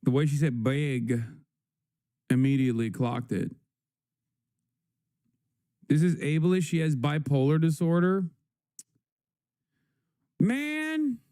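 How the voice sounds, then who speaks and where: A man's voice: on the high side, moderate pace, long pauses, dark tone, dry recording, clean studio sound. A man live streaming, giving casual, sarcastic commentary on clips and swearing a lot.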